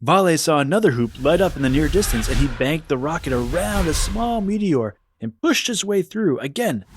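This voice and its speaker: A man narrating a scripted children's story in a lively, expressive way. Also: on the high side.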